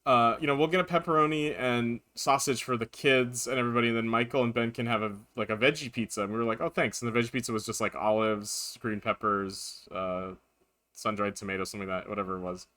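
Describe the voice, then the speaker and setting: A man streaming a video game live, chatting casually and rambling through animated anecdotes. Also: medium pitch, quick pace.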